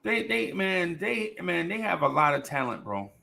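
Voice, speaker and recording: A man hosting a casual sports podcast, talking in an animated way, repeating phrases and laughing often. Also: high-pitched, moderate pace, gravelly. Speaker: podcast host.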